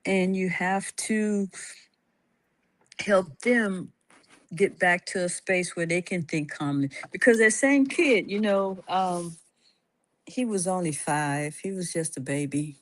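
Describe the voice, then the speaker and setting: A woman hosting a casual talk, speaking calmly with many fillers and restarts and frequent laughs. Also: lowish voice, slow pace. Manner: laughs often. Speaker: host. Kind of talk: casual chat about teaching.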